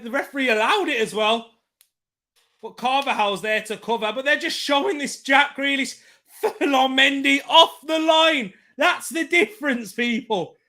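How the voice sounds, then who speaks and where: A man hosting a live football watchalong, reacting with excitable shouting commentary while hoarse from losing his voice. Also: extremely high pitch.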